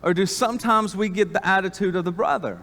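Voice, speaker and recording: A man preaching an animated sermon as pastor, calling on the congregation to respond. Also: high voice, fast. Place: church sanctuary. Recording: long church reverb.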